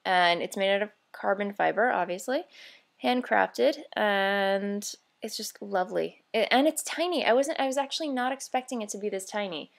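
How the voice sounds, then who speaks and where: A woman's voice: mid-range voice, moderate pace, vocal fry. A woman hosting a knitting video podcast, chatting casually and bubbly, rambling with fillers and self-corrections. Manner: bubbly and easily excited. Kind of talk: casual show-and-tell vlog.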